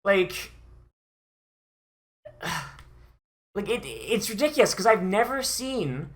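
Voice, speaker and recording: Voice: mid-range voice, very animated, slow. An anime reviewer ranting through a watch-along, swearing often and sighing in exasperation.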